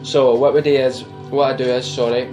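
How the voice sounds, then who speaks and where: With music playing behind him, a Scottish tarot reader rambles casually through a reading to camera, teasing viewers and laughing at himself. His mid-range voice is flat in delivery and a little fast.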